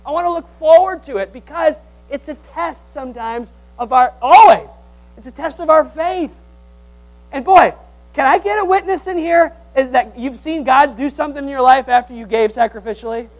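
Man, pastor, sermon, loud-to-hushed swings, teasing, call-and-response. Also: extremely high pitch, normal speed, low-quality recording. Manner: playful, teasing humor.

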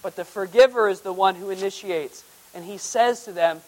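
A male preacher with a high voice teaches through a Bible passage verse by verse. He reads the old formal scripture wording aloud, then explains it. His delivery swings dramatically, dropping to hushed, intimate tones and then climbing back to loud, emphatic high points. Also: normal speed, hardly any pauses, rough recording.

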